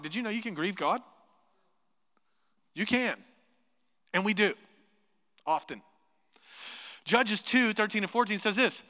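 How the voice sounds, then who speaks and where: A male pastor preaches in an animated style, with a high, very bright and forceful voice. He slips into imagined voices and leans in with hushed asides. The sound carries the long reverb of a church hall. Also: normal speed, long pauses. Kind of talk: sermon. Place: church sanctuary.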